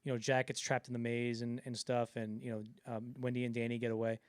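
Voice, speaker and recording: A man's voice: medium pitch, flat delivery, a little fast, dry recording. A man co-hosting a film podcast in casual chat, rambling with lots of fillers and acting out the quotes he retells. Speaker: podcast co-host.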